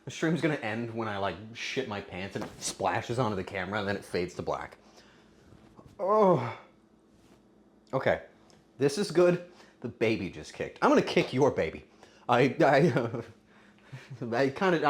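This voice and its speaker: Guy streaming himself cooking grilled cheese, super bouncy voice all over the place, crude jokes, random loud outbursts. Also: mid-range voice, big pitch swings, normal speed, long pauses, slight background noise. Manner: goofy, crude joking with sudden loud exclamations. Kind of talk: casual cooking livestream chatter.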